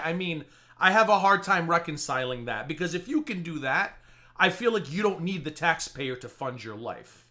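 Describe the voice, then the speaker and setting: A man's voice: sits high, animated, normal speed, bright, forceful tone. A man hosting a live reaction stream, talking in a sarcastic, mocking and exasperated way. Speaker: live-stream commentary host.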